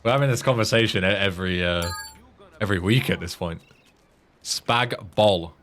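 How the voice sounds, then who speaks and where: A man's voice: low voice, quick pace, fairly bright tone, a little hiss or hum. A young man from northern England with a northern English accent, streaming a game and bantering with chat in a dry, sarcastic, sweary way. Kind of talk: casual gameplay commentary.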